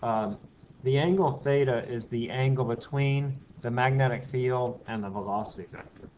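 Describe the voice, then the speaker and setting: A man with a darkish, medium-pitched voice delivers a physics lecture at normal speed. Step by step he explains, asks the class questions and tosses in the odd aside. It's a dull, lo-fi classroom recording with a faint hiss.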